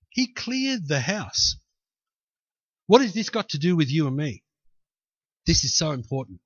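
Animated man preaching a sermon. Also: a little high, measured pace, pauses often, husky, no room sound, highs cut off. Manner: animated preaching, acting out voices. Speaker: pastor.

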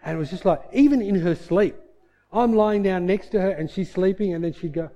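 A man preaching a sermon, telling a story in a lively, animated way that rises into loud bursts. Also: high voice, brisk, dull audio. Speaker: pastor.

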